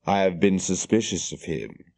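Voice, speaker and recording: A man voicing a calm, slurring menacing lord. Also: low voice, normal speed, vocal fry, heavily acted. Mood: coldly calm. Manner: soft, slurring, calm delivery. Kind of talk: audiobook character reading.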